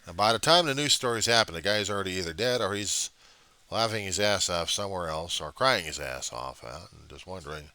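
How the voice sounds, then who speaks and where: A man rants into a webcam at home, rambling, sarcastic and quick to swear. His voice sits low and has a bright, forceful edge. The room sounds dry and close. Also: lively intonation, smooth, no echo.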